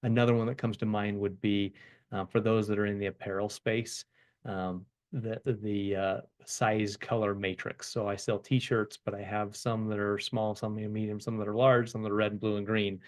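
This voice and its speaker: Earnest low-voiced software rep. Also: male voice, little pitch movement, moderate pace. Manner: earnest, upfront sales-style explaining, frequent repeats. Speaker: software company guest. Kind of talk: webinar interview.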